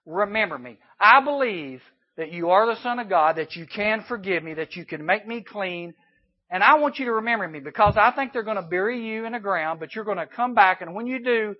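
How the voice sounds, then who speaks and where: A man's voice: high voice, lively intonation, a little fast, highs cut off. A man voicing a pleading repentant thief. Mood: hopeful. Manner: pleading, desperate. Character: repentant male thief dying on a cross.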